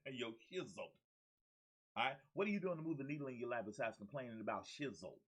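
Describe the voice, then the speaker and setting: A man's voice: medium pitch, lively intonation, moderate pace, breathy edge, low-quality recording. A man, hosting his own show as a motivational coach. He talks with exuberant energy, repeats his key phrases and calls out to his listeners like a preacher. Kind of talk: energetic motivational talk to camera.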